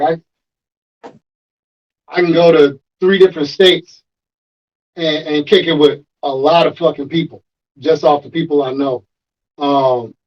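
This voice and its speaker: A man with a fairly high voice tells a story in casual, profane chat, acting out the voices of the people in it. The sound is dull and lo-fi. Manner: animated, profane, acts out quoted voices. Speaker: rapper guest.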